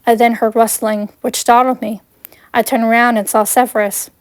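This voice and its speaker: A woman's voice: on the high side, little pitch movement, moderate pace, no echo. A woman reading her own fan fiction aloud in first person, in a plain, earnest way.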